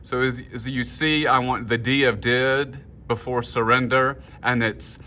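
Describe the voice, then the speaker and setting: A man leading a choir rehearsal talk-through, explaining markings and singing short phrases in falsetto to show them. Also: steady tone, measured pace, pushed and bright. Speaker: choir director. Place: room, filming himself. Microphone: handheld camera.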